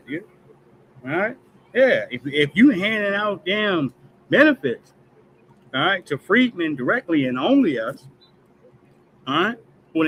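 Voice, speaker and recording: A man's voice: high-pitched, bright, forceful tone, a little hiss or hum, poor audio. Heated man ranting on a stream. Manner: emphatic, repetitive "all right?" tags, heated and profane. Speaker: host of a news commentary stream. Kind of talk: casual commentary rant.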